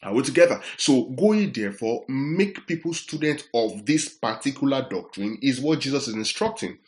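A man's voice: medium pitch, animated, a little mellow. A man preaching a sermon, explaining word meanings step by step and often asking whether his listeners are following. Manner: repeats "are we together?" to check the audience; explains words slowly, restating points. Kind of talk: sermon teaching.

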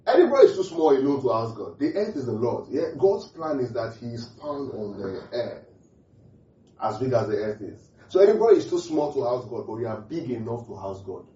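Warm and sing-song, this mid-range preacher speaks at normal speed in a church hall. He draws the congregation in with call-and-response questions and repeats key phrases, all on a distant, echoey, muffled recording.

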